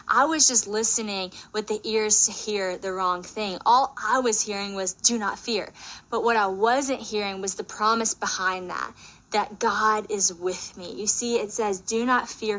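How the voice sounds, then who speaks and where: Bright-voiced woman giving a devotional. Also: medium pitch, poor audio. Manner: warm, earnest and conversational, reads scripture aloud. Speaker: devotional speaker. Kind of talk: casual devotional talk.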